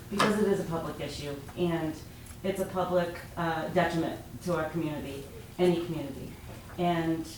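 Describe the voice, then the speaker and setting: A woman who directs an animal rescue, speaking earnestly in a public comment at a city council meeting. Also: lowish voice. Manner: earnest, pleading. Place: council chamber. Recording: echoey chamber, far from mic, faint noise.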